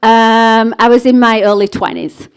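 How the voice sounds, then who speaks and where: A woman from England, telling a story to a live workshop audience in a chatty, animated way and acting out the dialogue. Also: on the high side, a little slow, smooth. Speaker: workshop speaker.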